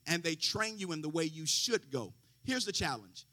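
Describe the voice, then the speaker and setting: Bright-voiced fervent preacher man. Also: fairly high pitch, big pitch swings, moderate pace. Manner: preaching with rising fervor, quoting scripture, folksy asides. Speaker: pastor. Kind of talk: sermon.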